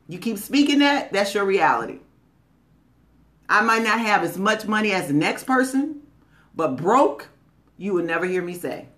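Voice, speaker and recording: A woman's voice: mid-range voice, a bit bright. A woman giving a motivational talk in a conversational, folksy way. She is emphatic and repeats key phrases, drawing them out. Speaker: motivational speaker.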